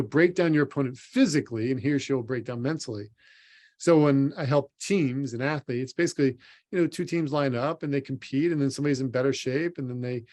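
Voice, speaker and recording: This man, a sports psychologist, gives a heartfelt motivational conference talk, speaking directly to the listener as "you." His voice is medium-pitched and a little mellow, captured for an online symposium.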